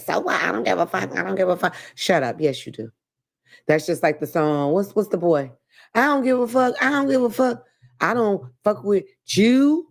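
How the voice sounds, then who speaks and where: A woman's voice: sits low, darkish tone. A woman hosting a casual advice talk show, blunt and profane, often laughing as she speaks to her audience. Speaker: host.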